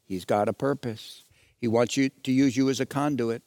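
A man preaching a sermon, telling a story dramatically and swinging from soft, low passages to loud, raised ones. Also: steady tone, normal speed, dry recording. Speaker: pastor.

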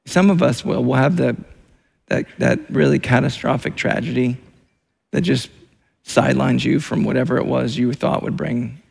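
A man's voice: mid-range voice, creaky, slightly rough. A man preaching a sermon as pastor, in a repetitive, emphatic way with many restarts.

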